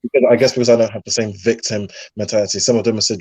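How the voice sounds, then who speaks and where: A man's voice: medium pitch, steady tone, fast, hardly any pauses, a little mellow, no echo. A young man from England with a London accent, chatting earnestly as a guest with frequent fillers. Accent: London English. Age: young adult. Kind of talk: casual chat.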